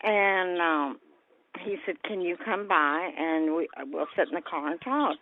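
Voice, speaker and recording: A woman's voice: lowish voice, measured pace. An older woman being interviewed as a guest, telling a long story and acting out what people said. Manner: lively storyteller who acts out quoted voices. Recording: tinny phone-like sound.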